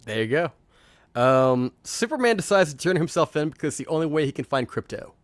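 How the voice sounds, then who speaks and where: A man's voice: on the high side, big pitch swings, fairly quick, no room sound. A man hosting a live movie review stream, chatting casually, rambling and swearing as he acts out lines from scenes. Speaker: host. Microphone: remote streaming mic.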